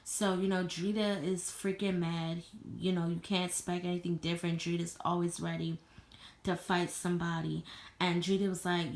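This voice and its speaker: A woman's voice: fairly low pitch, flat delivery, moderate pace. A woman casually recapping a TV episode in a vlog, loose and chatty, swearing freely and leaning on "you know.". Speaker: TV show reviewer. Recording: echoey room.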